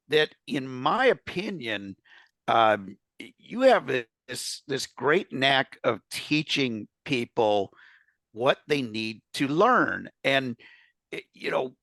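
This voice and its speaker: A man's voice: medium pitch, bright, forceful tone, dry recording. A man speaking as a podcast guest, talking about his writing in an enthusiastic, friendly way. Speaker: podcast guest, article writer. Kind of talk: casual podcast chat.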